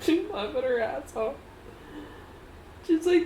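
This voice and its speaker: A woman's voice: high voice, unhurried, mellow, far from the mic, a little hiss or hum. A woman playing in a tabletop role-play game, describing her character's reactions in a doting, playful way. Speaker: player. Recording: echoey room with faint ambience.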